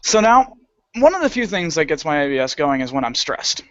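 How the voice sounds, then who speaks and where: Male podcast co-host, crude storyteller, bouncy pitch, dry close sound. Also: a little fast, no room sound. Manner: animated, profane, acts out quoted lines. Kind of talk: casual storytelling. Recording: dull lo-fi podcast audio.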